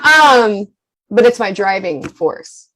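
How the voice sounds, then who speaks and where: A woman guest on a podcast, talking candidly in an animated, profane, emphatic way and laughing often. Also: mid-range voice, slow pace, low-quality recording.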